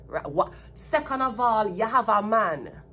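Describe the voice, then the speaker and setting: Jamaican woman, tarot reader, blunt heated rant, medium pitch, faint hiss in background. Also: lively intonation, measured pace, sharp tone. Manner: heated ranting, blunt and profane. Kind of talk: casual tarot reading vlog.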